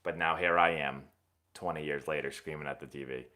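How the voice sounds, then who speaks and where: A young man hosting a casual live stream, answering viewer questions in a rambling, animated sports-fan way. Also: a bass voice, fairly quick. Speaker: host of a live baseball Q&A stream.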